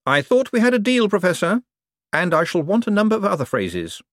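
A man voicing a confident, smooth-talking male conman in an audiobook, breezy and persuasive. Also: high voice, wildly swooping pitch, fairly quick, no echo, studio quality, voice pushed up.

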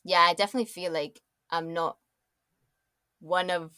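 A woman's voice: on the low side, steady tone, moderate pace, bright, forceful tone, smooth, no room sound, clean studio sound. A woman in her twenties with a mixed accent that is often taken for American, chatting casually in an interview, laughing often and talking in loose, restarting sentences. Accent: mixed, often taken for American or Canadian. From born in Dubai, raised in Scotland. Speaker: guest, designer.

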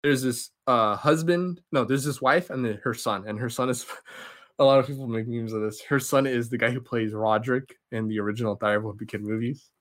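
A man on a podcast, talking casually at a middle pitch. He retells a story in an excitable, rambling way, stumbling over restarts and fillers. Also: fairly quick. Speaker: podcast host. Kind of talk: casual podcast chat, retelling a film plot.

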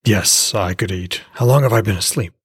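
A man's voice: fairly low pitch, moderate pace, breathy edge, in a large hall, pitched below the performer's own voice. A man voicing a blind, injured young man who is dry-mouthed and in pain, with a groggy, wry way of talking.

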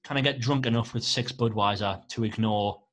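A man's voice: lowish voice, normal speed, a bit bright, a little hiss or hum, natural voice. A man voicing a weary, stammering middle-aged dad at a merch stand. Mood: hesitant. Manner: hesitant, stammering.

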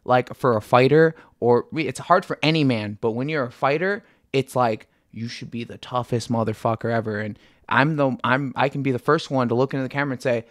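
A man's voice: mid-range voice, brisk, few pauses, no room sound, clean studio sound. A man who fights for a living, a guest on a casual podcast, talking bluntly and earnestly with frequent swearing.

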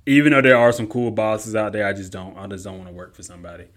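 A young man hosting a casual question-and-answer show, talking in a relaxed, rambling way and repeating points as he goes. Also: lowish voice, fast. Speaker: host answering listener questions. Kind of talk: casual Q&A podcast talk.

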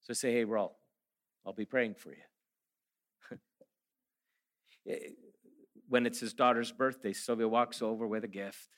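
A man's voice: medium pitch, steady tone, measured pace, long pauses, a bit bright. A middle-aged man giving a sermon, telling stories and then rising to emphatic preaching. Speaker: guest speaker.

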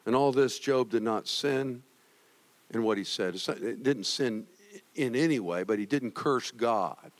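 A male pastor preaching a sermon, moving between loud exhortation and quiet, heavy passages. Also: medium pitch, a little slow, big-room sound. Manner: swings from loud exhortation to hushed grief.

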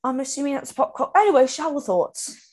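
A woman's voice: high voice, lively intonation, fast talker. Chatty young woman podcast co-host. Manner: chatty, rambling, self-mocking. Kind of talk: casual chat.

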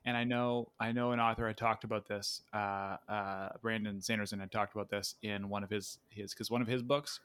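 A man's voice: lowish voice, little pitch movement, brisk, hardly any pauses, fairly bright tone, clean tone. A man co-hosting a casual writing chat, explaining ideas with frequent restarts. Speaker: podcast co-host.

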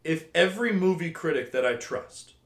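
A man's voice: a little high, expressive, normal speed. A man co-hosting a podcast in casual chat, blunt and dismissive, swearing freely. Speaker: podcast co-host. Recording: echoey room.

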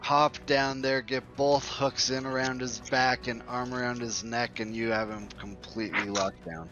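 A man running a tabletop game as dungeon master, narrating scenes and ruling on rolls in a relaxed, unhurried way. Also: medium pitch, highs cut off, over music.

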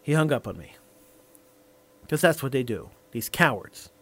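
A man's voice: mid-range voice, expressive, moderate pace, fairly bright tone, no echo. A man hosting a radio talk show, telling a story in an impassioned monologue and repeating lines for emphasis into a studio microphone.

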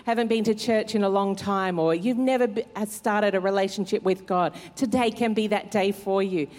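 A woman's voice: mid-range voice, steady tone, moderate pace, a little mellow. A woman pastor, preaching a sermon in an earnest, conversational way with fillers. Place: church service hall. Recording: long hall reverb in church.

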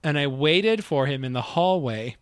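Co-hosting a podcast, a man with a fairly high, smooth voice spins an animated story in casual chat, laughing frequently. He speaks at a normal speed, and there's no echo.

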